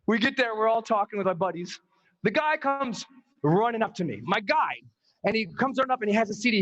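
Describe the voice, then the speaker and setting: A motivational speaker, a man with a notably high voice, addresses a large event room from the stage. He tells a story with acted dialogue, then builds into rousing exhortation, speaking into a stage microphone. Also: sing-song, fast talker, fairly bright tone, lo-fi sound. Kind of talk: stage keynote speech.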